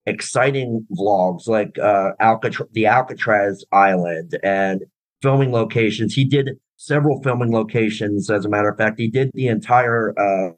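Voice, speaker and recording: At normal speed and in a lowish voice, a tribute-band drummer rambles through a casual interview as the guest, talking at length with lots of fillers and false starts. The audio is poor, with no room sound.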